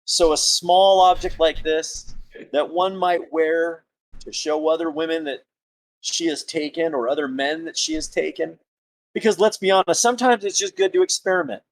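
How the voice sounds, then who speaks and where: A man in a tabletop role-play game voicing a boastful, womanizing male adventurer who gives a drawn-out seductive speech. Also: fairly high pitch, fairly even intonation, close to an everyday voice.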